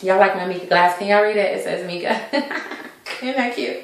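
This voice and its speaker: In a very echoey room, a woman with a medium-pitched voice recaps a TV episode at a moderate pace. She rambles casually, with plenty of fillers and asides, as a TV show recap vlogger.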